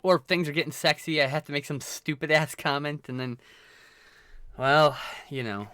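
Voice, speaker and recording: A man streaming live and chatting casually, drifting from topic to topic and poking fun at himself with plenty of swearing. His voice is very bright and sits a little high, and the sound is dry and close. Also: fairly even intonation, normal speed, clear, resonant tone, dry recording. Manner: rambling, self-mocking, swears freely.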